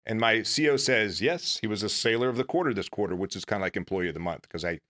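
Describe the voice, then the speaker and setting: Man, casual storytelling, self-deprecating, bright lower voice. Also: fast talker. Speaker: former Navy SEAL guest.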